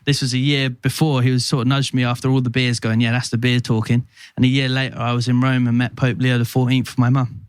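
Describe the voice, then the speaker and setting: A man, a podcast guest telling a long story in casual, energetic chat. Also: medium pitch, clean tone, no echo. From United Kingdom. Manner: energetic, talks fast and at length.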